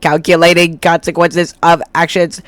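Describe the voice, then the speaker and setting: A man voicing a droning robot that beeps and calculates in a flat, slow, loud voice. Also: fairly high pitch, dry recording, close to an everyday voice. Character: monotone robot mocking idle viewers.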